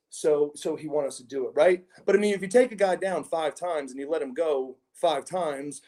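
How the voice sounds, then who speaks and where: A man's voice: a little high, mellow. A middle-aged man, a former pro wrestler, giving an interview, telling stories casually with many repeated words, restarts and chuckles. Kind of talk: casual anecdotal storytelling.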